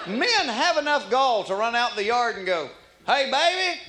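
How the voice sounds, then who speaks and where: A man's voice: very high voice, very animated, normal speed, pushed and bright. A man performing a folksy stand-up routine on a comedy club stage, with audience laughter behind him. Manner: folksy, drawling storyteller. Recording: live club recording, roomy, audience noise.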